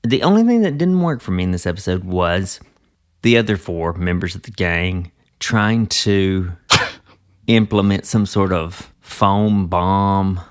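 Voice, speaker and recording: A man's voice: low-pitched, takes it slowly, clean tone. A man hosting a podcast in casual chat with a Southern US accent, thoughtful, with small laughs. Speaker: podcast host.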